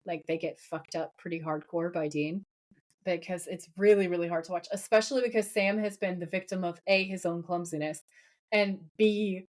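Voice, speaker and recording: A woman's voice: on the low side, moderate pace. A woman co-hosting a podcast, casually recapping a TV episode, acting out lines and swearing freely. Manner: animated retelling, acts out quoted lines, swears casually. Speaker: podcast co-host.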